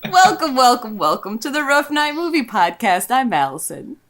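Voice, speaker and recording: A woman's voice: sits high, big pitch swings, normal speed, fairly bright tone. A woman hosting a podcast in casual chat, teasing and laughing often. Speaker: podcast host.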